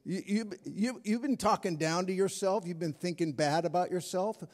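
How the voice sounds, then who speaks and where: A middle-aged male pastor preaching from a stage, his voice sitting a little high for a man. He tells his story in an animated, storytelling way. His words ring out with a long reverb across a big church hall. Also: moderate pace. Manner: storytelling, animated, acts out his own panic. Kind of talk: sermon.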